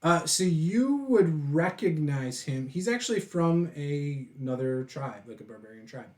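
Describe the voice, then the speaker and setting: A man runs a tabletop session as game master, his pitch swinging widely as he talks. He describes the scene with lively energy and laughs easily. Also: unhurried.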